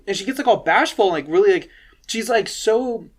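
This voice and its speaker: A man's voice: sits high, animated, normal speed, husky. Rambling, profane young man. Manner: rambling and profane, many fillers. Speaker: film reviewer. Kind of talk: casual film recommendations.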